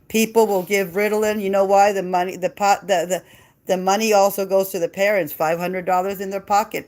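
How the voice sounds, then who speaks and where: A mother delivers a heated monologue rant on video, her medium-pitched voice moving at normal speed with fairly even intonation. She is passionate and blunt, swearing freely and repeating herself throughout.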